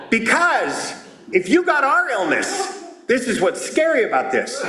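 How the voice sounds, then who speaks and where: A man giving a comedic recovery talk at a twelve-step meeting, telling stories loudly and acting out the people in them. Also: high-pitched. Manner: loud, animated storytelling with voiced characters. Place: meeting hall. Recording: roomy hall with audience laughter.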